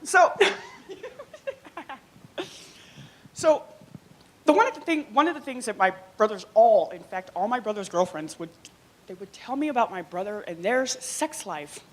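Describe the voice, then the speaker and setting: Animated high-voiced woman doing stand-up. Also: a little slow, long pauses. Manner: animated, giggles through her own jokes. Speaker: first-time stand-up comic. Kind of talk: stand-up comedy set. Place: small comedy club stage.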